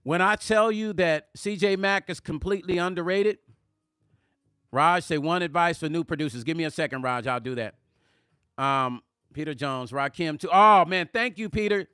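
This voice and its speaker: A middle-aged man hosting a live music vlog, reading viewer comments aloud in casual chat, animated and emphatic and repeating words for emphasis. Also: a little high, normal speed, clear, resonant tone, dry recording, studio quality. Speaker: music vlogger hosting a livestream.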